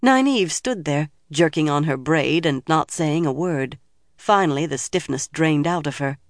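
A man narrating an audiobook in steady storytelling. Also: fairly high pitch, a little slow, dry recording, studio quality. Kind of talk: scripted narration.

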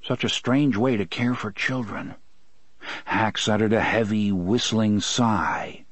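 A man's voice: lowish voice, slow, no echo. A man narrating a story in scripted audiobook style, shifting his voice for characters.

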